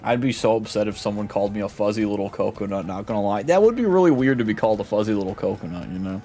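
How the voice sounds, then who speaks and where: A man's voice: on the low side, expressive, rapid-fire, warm tone. A young man casually commenting while playing a video game, joking and rambling with lots of slang. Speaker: gaming streamer. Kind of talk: casual let's play commentary. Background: game music.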